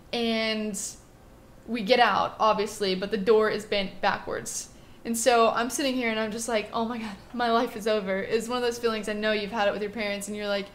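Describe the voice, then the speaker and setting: A young woman vlogger telling a story to camera in a chatty, self-deprecating, animated way. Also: a little high, slight background noise.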